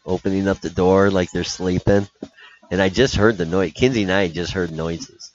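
A man's voice: sits low, fairly even intonation, normal speed, dull audio, a little hiss or hum. A man who coaches hockey, telling stories in a podcast interview with animation and laughing at his own punchlines.

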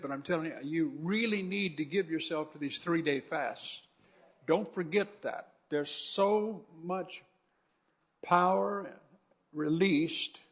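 A male pastor preaches fervently to his congregation, driving points home by repeating them. His voice sits a little high, with a husky, breathy texture and a gravelly rasp. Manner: fervent, exhorting, repeats phrases for emphasis. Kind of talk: sermon. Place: church service before a congregation.

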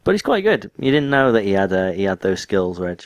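A man's voice: low voice, sing-song, fairly quick, no echo. A man co-hosting a podcast, chatting casually and teasing his co-host with dry asides. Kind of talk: casual chat.

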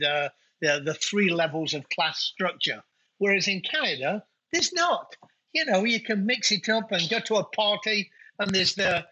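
A husky, bright-voiced middle-aged man with a Nottingham accent tells stories in an easy, rambling way. His delivery is forceful and slightly higher than most men's. The recording sounds dull and lo-fi. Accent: English, Nottingham. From England. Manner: chatty, anecdotal, frequent uh fillers. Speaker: guest, winery owner. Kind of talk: casual interview chat. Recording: dull lo-fi audio.

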